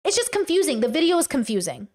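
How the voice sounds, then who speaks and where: High-pitched woman host; chatty commentary, lively, throws in mocking impressions. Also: quick pace. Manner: animated, often puts on mocking voices. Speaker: podcast host reacting to a video. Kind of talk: casual commentary with live chat.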